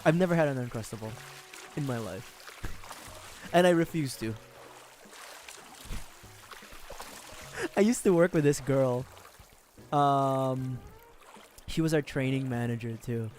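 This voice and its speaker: A man's voice: mid-range voice, slow, long pauses, a little mellow, faint music behind. A man from the Philippines chatting casually with viewers on a gaming livestream, laughing often and swearing freely as he rambles.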